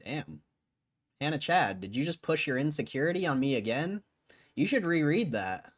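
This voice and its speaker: A man's voice: a little high, big pitch swings, moderate pace. A man on a live stream, arguing with his chat in a casual, cussing way, tired after hours on air. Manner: argumentative, swears, laughs between lines. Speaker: livestreamer.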